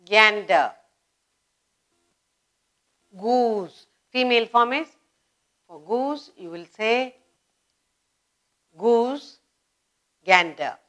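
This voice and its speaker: A woman with an Indian English accent teaching an English grammar lesson to children, repeating words slowly with emphasis. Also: on the high side, expressive, fairly bright tone.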